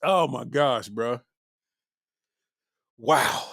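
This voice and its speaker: A man's voice: medium pitch, drawn-out words, creaky, fairly bright tone, dry recording, studio quality. A man hosting a comedy podcast, riffing casually in heavy slang and laughing constantly between lines. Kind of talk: casual comedic chat reacting to viewer comments.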